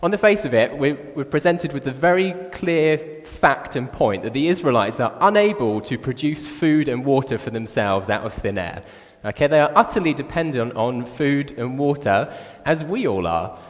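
A man preaching a sermon in a relaxed, chatty way, often saying "like" and "actually". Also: mid-range voice, normal speed. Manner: conversational, animated, with frequent "like" and "actually". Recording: reverberant church hall.

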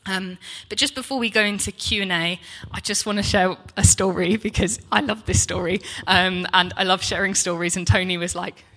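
A woman, preaching in church and telling a personal story in a chatty, animated way, acting out the dialogue. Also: mid-range voice, normal speed, few pauses. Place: church hall.

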